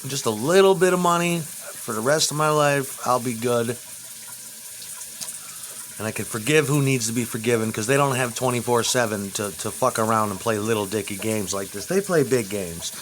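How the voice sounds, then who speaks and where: Crude rambling man, loud then muttering. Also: moderate pace, slight background noise, low-quality recording. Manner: crude, rambling, swings between loud outbursts and low mutters. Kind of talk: rambling monologue vlog.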